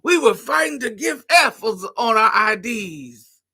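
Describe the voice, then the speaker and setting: A loud, insufferable old lady lecturing the young ones, her voice pitched high and stretched out slowly, as a woman puts her on. Each line is drawn out and crowing, with a raspy, smoker-like edge. She sounds pleased with herself while she scolds. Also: animated, exaggerated voice. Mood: scolding.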